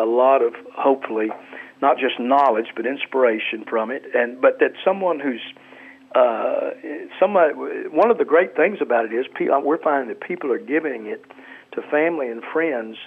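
An earnest man, a pastor and author, talks about scripture on a radio show. He calls in over a tinny phone line, and his voice sounds a little husky. He often stops and restarts his sentences. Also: medium pitch. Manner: earnest, halting with many restarts. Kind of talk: Christian radio talk.

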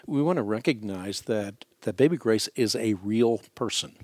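A man's voice: lowish voice, lively intonation, moderate pace, no echo. A male radio host giving earnest, reassuring religious advice to a caller.

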